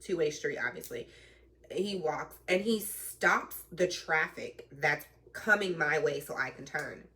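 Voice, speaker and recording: Animated woman telling a story, bright voice. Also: low-pitched, measured pace, recorded from a distance. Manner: animated, chatty retelling with slang and swearing. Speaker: truck driver in training. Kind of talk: casual storytime vlog.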